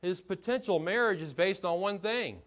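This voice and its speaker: A man's voice: high-pitched, moderate pace, fairly bright tone. A man preaching a sermon in an earnest teaching tone, asking rhetorical questions and often restarting his phrases. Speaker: pastor. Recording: dull lo-fi recording.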